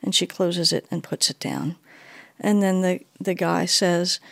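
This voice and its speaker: A woman's voice: fairly low pitch, measured pace, gravelly, no room sound, studio quality. A woman being interviewed, telling her own story with animation and acting out the dialogue she recounts. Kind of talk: personal storytelling.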